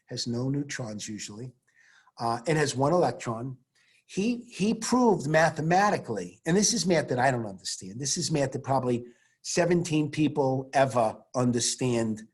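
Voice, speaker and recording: A man teaching a science class over a video call, animated and theatrical, full of rhetorical questions. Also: mid-range voice, breathy edge.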